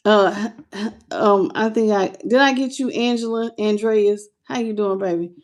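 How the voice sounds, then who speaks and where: Speaking at a measured pace in a mid-range voice, a woman does a casual tarot reading to camera. She addresses viewers directly in loose slang and sounds moved by her reading.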